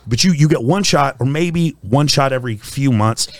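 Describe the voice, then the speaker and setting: A man in casual podcast chat, blunt and profane, telling stories in a rapid rush. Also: medium pitch, animated, no echo.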